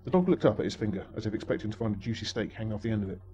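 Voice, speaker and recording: A man's voice: lowish voice, expressive, rapid-fire, mellow, dull audio. A man narrating a story in a dry, wry manner.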